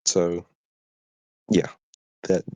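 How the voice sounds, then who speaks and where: A man's voice: very slow, warm tone, dry recording. A tired British man with a southern English accent reading his own story aloud and stopping for apologetic asides. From Britain. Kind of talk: live story reading and chat.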